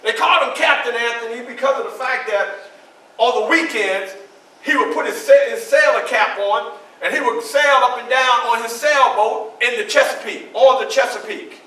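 A grave, earnest formerly enslaved man, played by a male reenactor tells his story in a theatrical first-person monologue. He leans on emphatic repetition, and his voice is high and bright. It was recorded by a distant camera in a very echoey room with a faint background hum. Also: moderate pace. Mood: solemn. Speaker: historical reenactor. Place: library event room.

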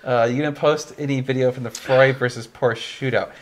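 A man's voice: medium pitch, steady tone, fast, slight background noise. A young man hosting a casual livestream chat, tired and yawning, rambling and laughing often. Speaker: livestream host.

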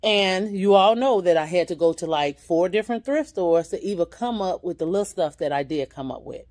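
An upbeat woman with a fairly low voice hosts a casual shopping vlog. She chats straight to her viewers as she walks through an indoor boutique. She is recorded on a handheld camera. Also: a little fast, a little mellow. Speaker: vlogger touring a store.

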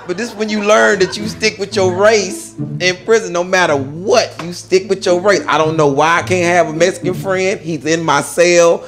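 A man doing stand-up comedy, telling a story in a conversational, deadpan way. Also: high voice, moderate pace, hardly any pauses, over music.

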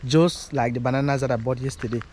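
A man chats to his handheld camera as he walks outdoors, circling back and repeating his points. His voice sits at a middle pitch and comes with clear outdoor noise behind it. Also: fairly even intonation, quick pace, dark tone. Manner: rambling, repeats himself. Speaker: vlogger. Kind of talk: casual walking vlog. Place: outdoors on a street. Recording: noisy outdoor street recording.

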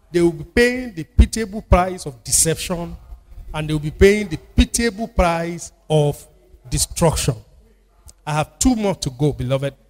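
A man with a Nigerian accent preaching a sermon as pastor, repeating phrases and calling on the congregation to answer. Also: high voice. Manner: call-and-response preaching with repetition. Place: church. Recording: church hall with long reverb.

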